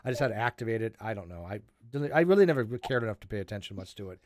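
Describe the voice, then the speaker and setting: Lively joking man hosting a livestream. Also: lowish voice, very fast. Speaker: livestream host. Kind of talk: casual chat.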